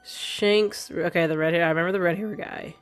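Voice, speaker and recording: Low-voiced woman streamer chatting with chat. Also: fairly even intonation, a little fast, faint music behind. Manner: rambling, laughing often, talks to chat. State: stuffy from allergies. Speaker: gaming streamer.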